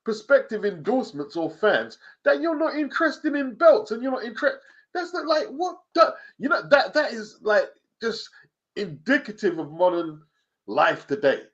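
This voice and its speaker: Fired-up guy ranting on a call, high voice swings all over, muffled audio. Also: lively intonation, normal speed, fairly bright tone. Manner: emphatic, ranting, acts out quotes. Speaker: boxing panelist. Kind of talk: heated casual panel chat.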